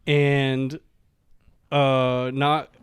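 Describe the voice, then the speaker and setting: A young man on a comedy podcast, telling a story in a halting, deadpan way with plenty of fillers. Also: mid-range voice, clean tone, dry recording, clean studio sound.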